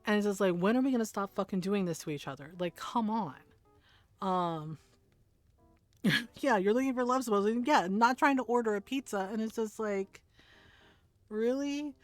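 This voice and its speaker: A woman streamer chatting casually while gaming, emphatic and quick to laugh and swear. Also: medium pitch, dry recording, soft background music.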